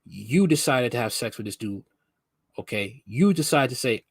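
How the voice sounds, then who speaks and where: A man's voice: mid-range voice, lively intonation, normal speed, creaky, breathy edge, no room sound, clean studio sound. A man hosting a reaction commentary, talking in an emphatic, lecturing way and repeating his points. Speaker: host.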